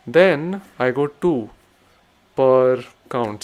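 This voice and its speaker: Male rhythm teacher, mid-pitched voice, patient explainer who chants syllables aloud, faint background hiss. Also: a little slow. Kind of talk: spoken music lesson with chanted syllables.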